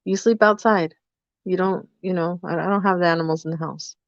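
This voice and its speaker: A woman's voice: on the low side, fairly even intonation, a little fast, no echo. A woman co-hosting a podcast in casual chat, telling a story and acting out both sides of the dialogue. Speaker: podcast co-host. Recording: dull, dry lo-fi sound.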